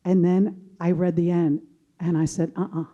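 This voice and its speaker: A woman from Chicago speaking as a panelist, telling a story in a measured way. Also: fairly low pitch, flat delivery, highs cut off. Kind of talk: casual panel discussion.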